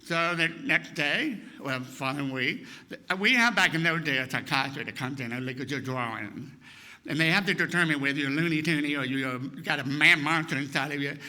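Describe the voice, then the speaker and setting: Older guy in his 60s, sermon told as funny life stories, kinda high voice, really punchy and bright. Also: fairly quick. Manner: lively storyteller who acts out the people he quotes. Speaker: guest speaker. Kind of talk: humorous personal storytelling sermon.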